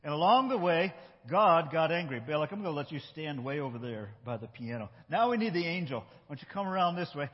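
A man acting out a Bible story with children in a church, animated and coaching his young helpers. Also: on the high side, a little fast, husky. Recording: echoey hall, dull lo-fi sound.

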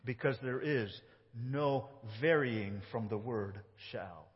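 A man with an American accent preaching a sermon as pastor, swinging from loud emphasis to soft, quiet phrases. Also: mid-range voice, slow, long reverb tail, lo-fi sound. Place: church sanctuary.

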